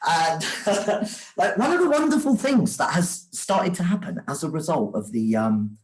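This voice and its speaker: A man's voice: fairly high pitch, low-quality recording. A man, an author and sandwich shop owner, telling stories in casual chat with restarts and frequent laughter over a video call. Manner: animated, laughing, quick restarts.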